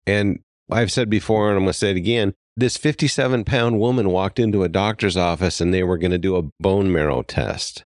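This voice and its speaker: A man with a very low, deep voice co-hosts a podcast in relaxed conversation. He speaks earnestly and grows heated, then catches himself and apologizes. The sound is close and dry, with no room echo. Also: a little fast. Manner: earnest, gets worked up and apologetic. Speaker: podcast co-host. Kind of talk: casual podcast talk.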